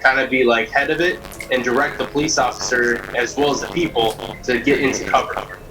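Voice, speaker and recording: A man playing a tabletop game, planning out loud hesitantly with many fillers. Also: mid-range voice, brisk, poor audio. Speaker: player. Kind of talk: casual tabletop play. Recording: music playing behind.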